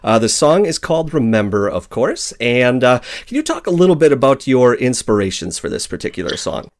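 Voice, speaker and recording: Man, radio host, mid-pitched voice, laid-back, lots of filler words. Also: big pitch swings, a little fast. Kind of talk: radio interview.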